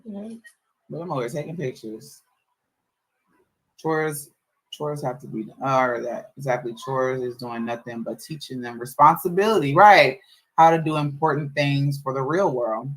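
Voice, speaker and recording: A woman's voice: a bass voice, moderate pace, rough recording. Venting mother on a livestream. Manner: venting, complaining about chores. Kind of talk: casual livestream chat.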